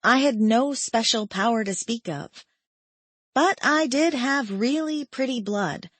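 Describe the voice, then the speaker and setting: Soft-spoken female audiobook narrator. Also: on the high side, a little slow, dry recording. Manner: soft, reflective, subdued. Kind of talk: first-person romance audiobook narration.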